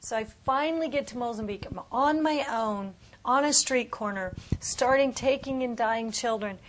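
Woman missionary, fairly high voice, emotional testimony; loud bursts dropping into whispers. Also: moderate pace, a little hiss or hum.

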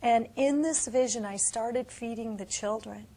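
A woman with a fairly high voice tells her story as a missionary, an emotional personal testimony that swings between loud bursts and hushed, breathy whispers. Her delivery stays intense throughout. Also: measured pace.

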